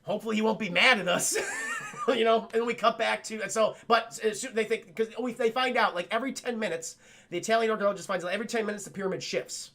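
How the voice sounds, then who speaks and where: A man's voice: high voice, quick pace. A man streaming a casual, profane film review and talking straight to his chat. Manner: profane, excitable, keeps addressing the chat. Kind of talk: casual livestream film commentary.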